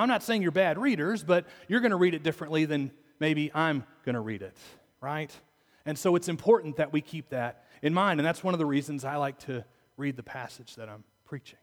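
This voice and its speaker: A man preaching a sermon as pastor, talking conversationally and asking his listeners rhetorical questions. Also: a little high. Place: church sanctuary. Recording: long reverb of a church hall.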